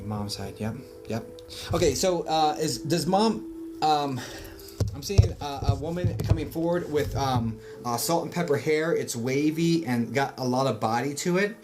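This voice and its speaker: A man's voice: on the high side, animated, a little slow, background noise. A man working as a psychic medium on a casual livestream, rambling through his reading with lots of fillers and self-corrections. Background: background music.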